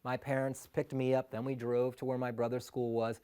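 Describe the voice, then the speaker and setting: A man telling a personal story live, animated, often laughing and acting out the quotes. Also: mid-range voice, brisk, clear, resonant tone.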